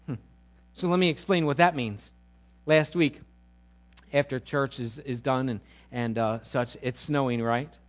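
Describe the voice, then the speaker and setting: A middle-aged pastor preaches a sermon, telling a story that swings between big loud peaks and quiet, intimate low passages. He takes his time, speaking unhurriedly.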